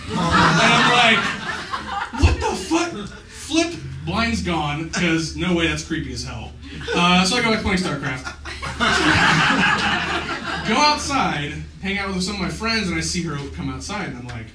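A man's voice: high-pitched, normal speed. A man telling a funny story on stage at a live venue, laughing often as he goes. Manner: animated, laughing through his own story. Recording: echoey room, mic far off, noisy.

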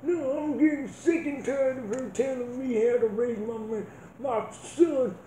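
A man playing a gruff, hard-drinking rural father in a comedy sketch, talking in a blustery, folksy drawl. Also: very high-pitched, steady tone, a little slow, dark tone, a little hiss or hum, pitched above the performer's own voice. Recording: roomy echo.

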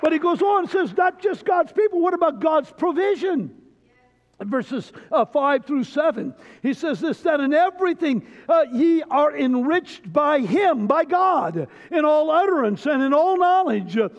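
A middle-aged man preaching a live sermon, his voice strikingly high for a man. He moves between loud, shouted emphasis and quiet, halting stories. The recording sounds slightly muffled and carries the long reverb of a church hall. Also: lively intonation. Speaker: pastor. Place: church sanctuary.

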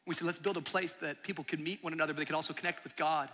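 Male pastor, thirties, bright forceful voice, earnest sermon storytelling, long reverb of a big auditorium. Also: fairly high pitch, fairly even intonation, very fast, husky. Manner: earnest storytelling, building to emphatic peaks. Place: large church auditorium.

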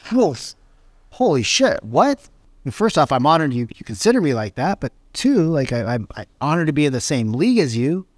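A man's voice: on the high side, a little fast, dry recording, studio quality. A man who works as a real estate agent and coach gives a motivational talk, telling a story and acting out the dialogue. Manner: animated, acts out dialogue in changing voices.

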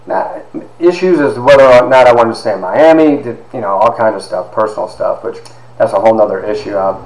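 A man, a university instructor, telling stories from his life to his class, lively and sometimes dropping into hushed asides. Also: mid-range voice, reverberant, rough recording. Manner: animated storyteller, drops to hushed asides. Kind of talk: storytelling lecture to a class.

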